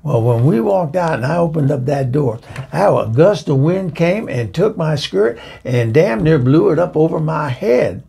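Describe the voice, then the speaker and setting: A man's voice: fairly high pitch, animated, moderate pace, creaky, mellow, husky, full character voice. A man voicing a chatty, bawdy middle-aged woman who hosts the show and rambles through gossipy stories. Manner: rambling, gossipy, chuckling storyteller. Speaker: host introducing a music video. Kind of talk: comedic character monologue.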